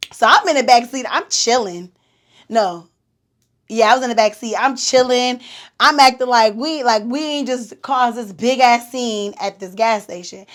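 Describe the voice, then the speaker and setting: A woman, hosting a podcast and telling a story in an animated, slangy way with laughs. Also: a little high. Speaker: podcast host. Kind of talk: casual storytelling.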